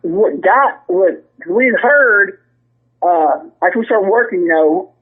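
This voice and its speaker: A man with a Southern US accent, telling a long rambling story as a podcast guest, full of restarts and animated quoting. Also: high voice, slow. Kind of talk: casual storytelling. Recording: tinny phone line.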